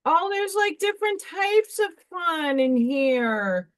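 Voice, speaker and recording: A woman hosting a craft livestream, chatting casually and excitedly while she works and talks to herself. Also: very high-pitched, takes it slowly. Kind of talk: casual live-stream chat while crafting.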